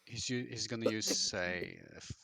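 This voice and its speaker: A man playing a tabletop role-playing game on a stream, relaxed as he describes his character's attacks and chuckles often. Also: lowish voice, moderate pace, vocal fry, crowd noise. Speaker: player. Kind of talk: casual tabletop play on stream.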